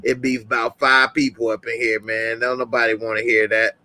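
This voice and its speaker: A man's voice: mid-range voice, little pitch movement, normal speed, pushed and bright, no echo. A man hosting a casual live stream, laid-back and slangy, reading viewer comments aloud. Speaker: host.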